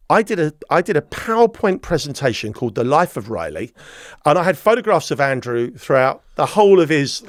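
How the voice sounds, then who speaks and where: A man's voice: mid-range voice, no room sound, studio quality. A man, a podcast guest telling a story and acting out the dialogue. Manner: animated, acts out quoted dialogue. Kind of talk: storytelling interview.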